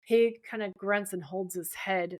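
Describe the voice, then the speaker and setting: A woman's voice: medium pitch, steady tone, a little slow, dry recording. A woman co-hosting a podcast, casually retelling a TV episode scene by scene and quoting the characters' lines. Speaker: podcast co-host.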